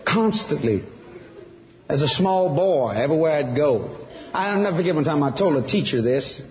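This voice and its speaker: A man's voice: on the high side, animated, normal speed, big-room sound, highs cut off. A man giving a testimony sermon, telling his story with animation and acting out the other voices. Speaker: preacher.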